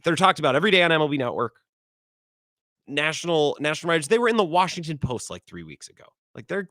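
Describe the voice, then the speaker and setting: A male sports talk host in a studio, arguing his points with a lively, swinging delivery and a bright, forceful tone. His voice sounds dry and close. He trips over words and restarts as he pushes his case. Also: fairly high pitch, no echo. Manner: argumentative, stumbles and repeats words. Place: radio studio.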